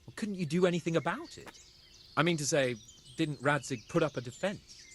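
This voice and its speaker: A haughty young lord in a video game, talking down to those around him in a lively, bouncing voice that sits fairly high. He sounds brash and mocking, with a faint outdoor hum behind him. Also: brisk. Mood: brusque. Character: haughty young male nobleman, brash and teasing. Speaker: game character.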